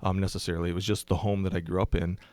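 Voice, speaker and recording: This is a middle-aged man with a very deep, low voice, speaking as a pastor guest on a podcast. He explains slowly and thoughtfully, restarting phrases and filling pauses with ums. The sound is close and dry, with no room around it. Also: little pitch movement, darkish tone, no echo. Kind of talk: casual podcast conversation.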